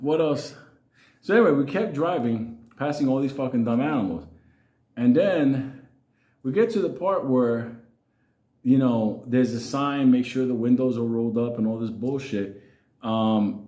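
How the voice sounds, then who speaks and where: Profane laughing New storyteller. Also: male voice, mid-range voice, a little mellow. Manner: swears constantly, laughs through his lines. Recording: echoey room.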